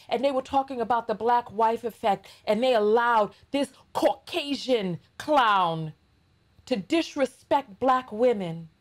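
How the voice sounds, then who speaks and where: A woman with a New York accent hosting a casual commentary vlog, blunt and sarcastic as she scolds her viewers. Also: on the high side. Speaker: commentary channel host.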